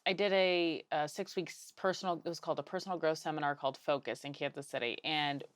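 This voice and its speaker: Low, smooth-voiced woman telling stories candidly. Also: fast talker, no room sound. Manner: candid, profane, animated storyteller. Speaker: podcast host. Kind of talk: casual podcast chat.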